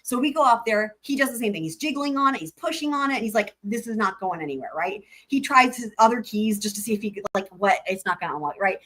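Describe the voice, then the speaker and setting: A woman of middle pitch tells a long story in a loose, chatty way. She talks straight to her viewers, swears casually and stops to read out comments from the chat. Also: lively intonation, fast talker, hardly any pauses, fairly bright tone. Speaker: livestream host.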